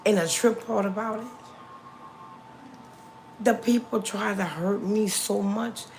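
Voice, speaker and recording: A woman's voice: mid-range voice, takes it slowly, a little mellow, a little hiss or hum. A middle-aged woman hosting a casual livestream, chatting to her viewers and repeating lines for emphasis, recorded on a phone. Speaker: livestream host.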